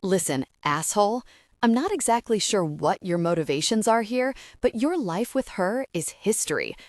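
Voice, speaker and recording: A woman's voice: medium pitch, expressive, normal speed, darkish tone, no room sound, clean studio sound, natural voice. Woman reading as a smug, taunting ex-husband. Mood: mocking. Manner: mocking, contemptuous.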